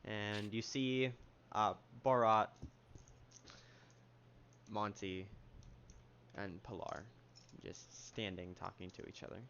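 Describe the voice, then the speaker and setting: Slow-talking guy running a tabletop game, lowish voice, muffled mic with a bit of hiss. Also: a bit bright. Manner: halting, lots of fillers and restarts while describing scenes. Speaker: game master.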